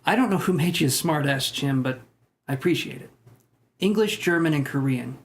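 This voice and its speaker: A young man hosts a tarot livestream, chatting casually with viewers and reading their comments. His somewhat high voice is lively and a bit fast as he rambles and makes self-deprecating jokes.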